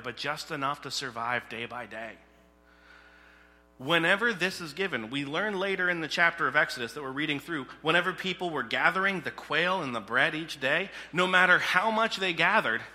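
A man's voice: on the high side, bright, forceful tone. A man preaching a conversational sermon, asking the congregation questions and telling stories from scripture. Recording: echoey hall.

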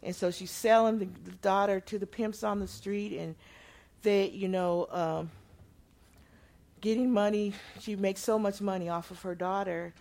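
A woman preaching a sermon, moving from loud proclaiming to quiet storytelling. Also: medium pitch, steady tone, a little slow, gravelly.

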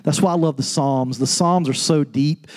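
A pastor preaching an earnest sermon on grief, rising to an impassioned pitch. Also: male voice, normal speed. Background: soft guitar music.

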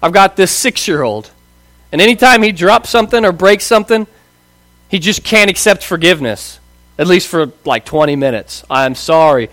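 A man in his thirties gives a sermon in a loose, chatty way. His voice sits high for a man, and the sound is dry and close. He keeps asking the room questions and slips into little acted-out voices. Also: expressive, moderate pace, fairly bright tone, no room sound. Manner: casual, asks rhetorical questions, acts out quoted voices. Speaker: pastor. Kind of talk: conversational sermon.

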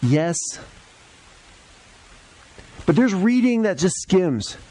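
A pastor with a somewhat high voice delivers a relaxed, conversational sermon to his church. His pitch leaps up and drops low to stress his points. A faint hiss sits under the recording. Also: very slow, poor audio. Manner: conversational and lively, varies pitch for emphasis. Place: church sanctuary.

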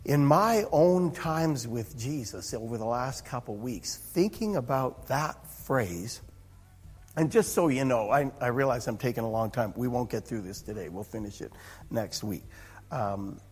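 A man's voice: mid-range voice, lively intonation, unhurried, darkish tone, breathy edge. A man preaching a sermon as pastor, in a conversational, self-interrupting way with chuckling asides. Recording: reverberant hall.

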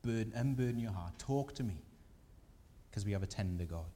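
A man preaching a sermon as pastor, earnest and gentle, his emphasis rising on key points. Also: on the low side, expressive, a little fast, in a large hall. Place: church.

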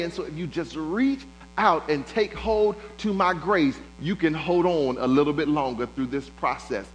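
A man's voice: fairly high pitch, moderate pace, hardly any pauses, faint music behind, rough recording. A man preaching a sermon, building rhythm through repeated phrases and speaking God's words in quotes. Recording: faint mains hum.

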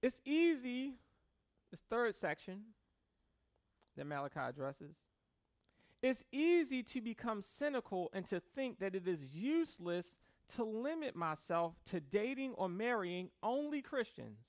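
A man's voice: high-pitched, very animated, a little slow. A man preaching a sermon as pastor, joking with the congregation and mimicking people in a loose, conversational way.

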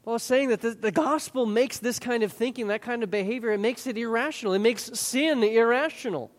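High-voiced preacher in a reverberant hall. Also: male voice, fairly quick. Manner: earnest, emphatic, repeats words when restarting. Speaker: pastor. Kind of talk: expository sermon. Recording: long reverb of a large hall.

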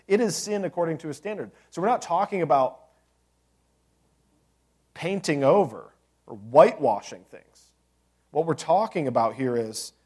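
A man's voice: a little high, darkish tone. Male pastor, lightly raised voice, casual sermon delivery with rhetorical questions. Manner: conversational preaching with asides and rhetorical questions.

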